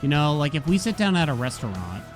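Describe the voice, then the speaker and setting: A man with a fairly high, sing-song voice talks fast as faint music plays. It's a casual video game stream, and he chats and tells stories, acting out the quotes.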